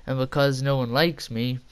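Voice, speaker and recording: A man's voice: medium pitch, clean tone. A young man telling a casual, rambling story with frequent laughter and casual swearing. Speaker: vlogger.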